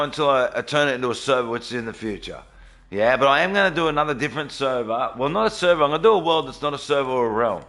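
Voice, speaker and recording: A man's voice: medium pitch, sharp tone. A man live-streaming a game from his home studio, chatting casually and greeting viewers by name.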